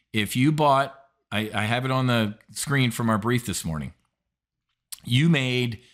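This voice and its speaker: A man's voice: medium pitch, fairly bright tone. Blunt, profane male market commentator. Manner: blunt, profane and emphatic, with sarcastic asides.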